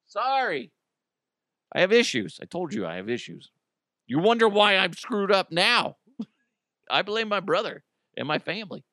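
Brief: lively male comic host, bright voice, dry close sound. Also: high voice, unhurried, pauses often, no echo. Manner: animated, joking, laughing often. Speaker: podcast host. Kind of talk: comedic solo podcast monologue.

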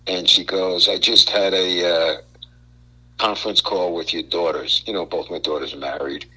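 An older man from Brooklyn, a guest on a radio talk show, telling animated stories and stumbling over repeated words. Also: sits low, normal speed, slightly rough, poor audio. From Brooklyn, New York. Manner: animated storyteller, repeats words, acts out quotes. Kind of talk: casual radio chat.

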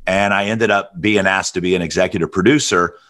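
A middle-aged man from Alabama with a rich, deep voice, telling stories as an interview guest. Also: a little fast. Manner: relaxed storyteller with a deep radio-style voice. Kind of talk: storytelling interview.

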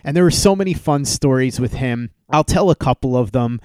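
A podcast host with a mid-range voice, speaking a little fast, casually tells a story in an animated way, raising and livening his voice to act out the texts and exchanges he quotes. The sound is clean with no room sound.

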